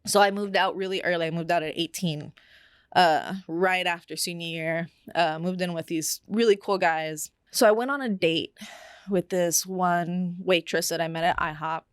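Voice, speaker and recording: A young woman with a lower voice shares a candid personal story, unhurried and reflective, with lots of fillers. Her tone is steady and clean, recorded up close in a dry, dead room with no echo.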